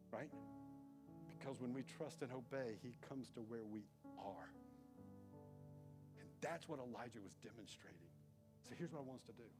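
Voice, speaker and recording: A man preaching a conversational sermon in a church, dropping to hushed tones and rising to loud emphasis. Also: mid-range voice. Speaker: pastor. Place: church sanctuary.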